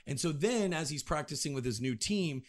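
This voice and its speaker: A man's voice: a little high, expressive, moderate pace. A man co-hosting a sports and entertainment show, asking long questions with stumbling repeats. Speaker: podcast co-host. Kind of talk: casual interview.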